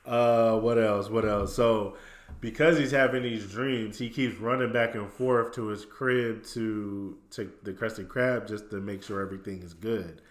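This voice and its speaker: A man's voice: lowish voice, steady tone, a little slow, roomy sound. A man co-hosting a casual podcast, retelling cartoon scenes with quoted voices and laughs. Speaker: podcast co-host.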